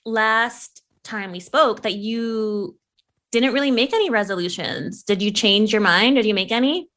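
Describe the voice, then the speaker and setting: A woman's voice: a little high, animated, measured pace, a bit bright. Giggly young woman chatting casually. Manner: giggly, swears freely, playful. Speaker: podcast co-host. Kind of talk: casual podcast chat.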